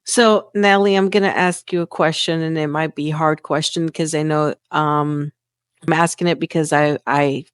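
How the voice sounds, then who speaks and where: An older woman, a podcast host, asking slow, deliberate questions in a frank, folksy way. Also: low-pitched, steady tone, smooth, no echo, studio quality. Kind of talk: conversational interview.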